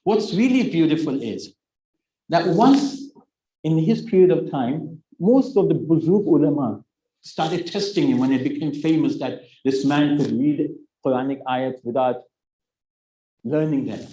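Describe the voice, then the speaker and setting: A man's voice: a little high, measured pace, warm tone. Man, 60s, sermon, storytelling, acts out dialogue, echoey room. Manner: joking asides to the audience. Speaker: religious speaker.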